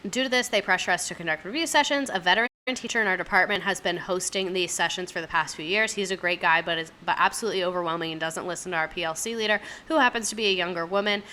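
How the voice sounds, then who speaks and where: A woman's voice: lowish voice, sharp tone, a little hiss or hum. A young woman reading out viewers' school stories in a chatty, rambling way with lots of asides. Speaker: host reading submitted stories. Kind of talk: casual commentary on reader stories.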